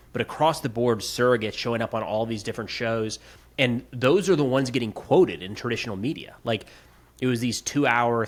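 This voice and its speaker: Low-voiced young male podcast co-host. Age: young adult. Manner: thoughtful, explanatory. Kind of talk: casual podcast chat.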